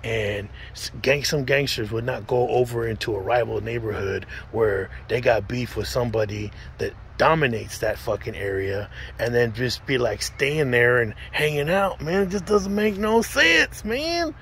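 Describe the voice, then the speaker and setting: Man, blunt and profane, casual monologue, middling pitch, faint traffic noise behind. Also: normal speed, gravelly, few pauses, fairly bright tone. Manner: blunt and profane, with restarts and quoted asides. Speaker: vlogger telling his own story.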